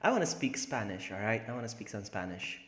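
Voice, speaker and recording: A man's voice: fairly low pitch, fast. A man live-streaming a video game, joking with chat and laughing often. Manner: joking, excitable, laughs a lot. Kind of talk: live gameplay commentary. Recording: echoey room with faint noise.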